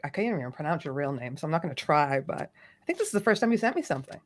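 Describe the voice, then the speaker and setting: Woman host, casual stream chat, lively pitch, playful, self-teasing. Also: rapid-fire.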